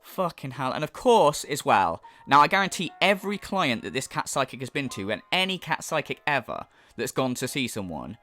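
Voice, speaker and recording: A man's voice: mid-range voice, very animated, moderate pace, few pauses, sharp tone. A British man giving a sweary, mocking reaction commentary on a video. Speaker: YouTube commentator.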